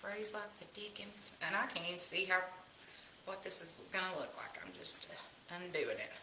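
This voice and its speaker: A woman's voice: lowish voice, moderate pace, background noise. A woman from Tennessee with a Southern hill-country accent, hosting a casual live craft demonstration and chatting folksily with viewers. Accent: Southern US, Tennessee hills. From Tennessee, USA. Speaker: craft host. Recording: roomy echo.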